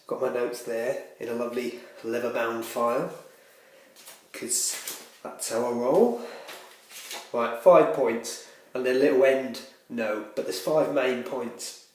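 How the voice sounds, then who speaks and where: A man's voice: mid-range voice, a little mellow, a little hiss or hum. Echoey earnest man with a cold. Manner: earnest, self-assured, rambling with ums. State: out of breath with a cold. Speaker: comedy character giving dating tips. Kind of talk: deadpan spoof advice video. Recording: very echoey room.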